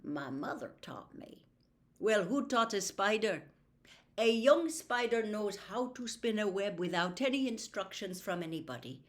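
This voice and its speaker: A thoughtful old male country doctor from a storybook, calm and musing, with an unhurried delivery. A woman reads him aloud. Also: mid-range voice, pitched above the performer's own voice, close to an everyday voice.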